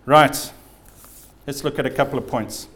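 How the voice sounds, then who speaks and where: A man's voice: mid-range voice, fairly even intonation, moderate pace, fairly bright tone, reverberant. A man preaching a sermon as pastor, telling stories vividly and with emphasis.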